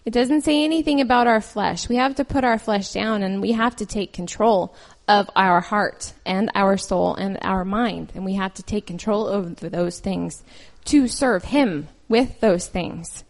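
A woman's voice: mid-range voice, measured pace, gravelly, hardly any pauses. A woman reading scripture aloud, then preaching in an earnest, conversational way with personal stories. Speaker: lay preacher.

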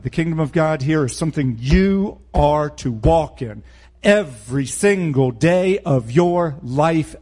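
A man's voice: fairly high pitch, darkish tone. A man preaching a verse-by-verse Bible teaching sermon in a blunt, emphatic way, with sarcastic asides.

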